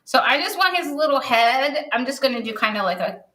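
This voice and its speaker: Southern woman chatting while she paints, bright sharp voice, teasing and laughy. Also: high voice, big pitch swings, brisk. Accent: Southern American twang. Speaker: painting show co-host. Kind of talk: casual chat while painting.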